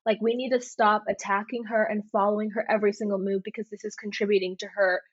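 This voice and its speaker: A woman's voice: medium pitch, fast talker, no echo, dull audio. A young woman co-hosting a casual podcast chat, retelling a story with lots of "like" fillers. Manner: animated storytelling with many "like" fillers. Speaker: podcast co-host.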